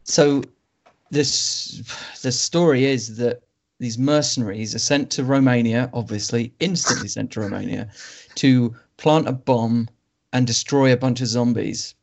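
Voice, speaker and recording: A man's voice: mid-range voice, a little mellow. Wry man reviewing films, muffled. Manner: wry, rambling, laughs at bad films. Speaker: podcast co-host. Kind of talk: casual film review chat. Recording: dull lo-fi sound.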